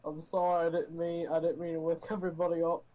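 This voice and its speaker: A man's voice: fairly high pitch, level tone, fast, highs cut off, close to an everyday voice. A man voicing a panicky young dragonborn man who stammers and is flustered. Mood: sheepish.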